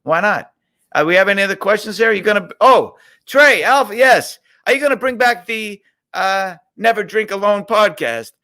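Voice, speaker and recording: A man's voice: high voice, animated, fairly quick, bright, forceful tone. A middle-aged man from Boston hosting a casual live Q&A stream on a webcam, reading out viewer questions and rambling into stories. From Boston, USA.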